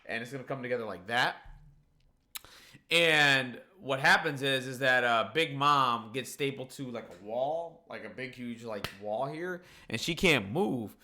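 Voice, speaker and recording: Excitable man with a bright voice. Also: mid-range voice, a little slow. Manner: excited, profane, full of "like" and "you know". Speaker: manga chapter reviewer. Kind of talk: casual spoken chapter recap.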